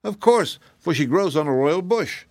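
A man reading as a meek, dutiful gardener from a fairy tale, whose earnest explanations rise a little above the narrator's pitch. He sounds obliging and sincere, recorded dry and close. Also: lively intonation, moderate pace, darkish tone, no room sound. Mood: explaining.

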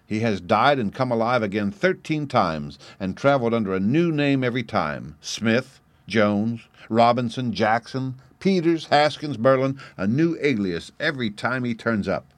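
A man narrating an audiobook in the first person, wry and expressive, and animated when he voices his own character's lines. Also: medium pitch, moderate pace, few pauses, no room sound.

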